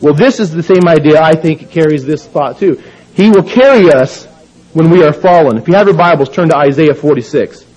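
High-voiced preacher giving a sermon. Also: male voice, lively intonation, a little mellow, slightly rough, low-quality recording. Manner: measured, emphatic scripture reading.

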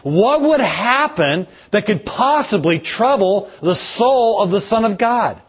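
A man, a pastor, delivering a slow, measured sermon with dramatic pauses and a husky voice. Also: high voice, lively intonation.

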